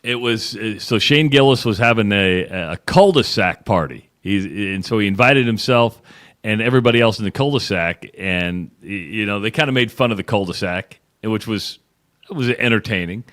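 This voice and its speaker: A man's voice: on the low side, moderate pace, fairly bright tone. A man co-hosting a sports radio show, chatting casually and retelling stories with lots of restarts. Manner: rambling storyteller, retells ads with quoted voices.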